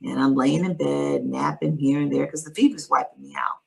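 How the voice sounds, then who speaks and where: Woman, low gravelly voice, earnest testimony in conversation, measured delivery. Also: poor audio. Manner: earnest, measured storytelling with pauses. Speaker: guest sharing her story.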